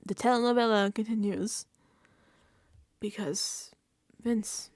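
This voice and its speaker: A woman hosting a reality TV recap, ranting casually and acting out quotes in an exasperated, animated way. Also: medium pitch, slow pace, no room sound, clean studio sound.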